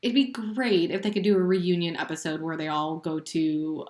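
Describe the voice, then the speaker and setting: A woman's voice: mid-range voice, animated, normal speed, few pauses, darkish tone. Chatty woman podcaster, echoey room. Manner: chatty, filler-heavy, giggly. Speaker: podcast co-host. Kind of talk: casual chat. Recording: roomy echo.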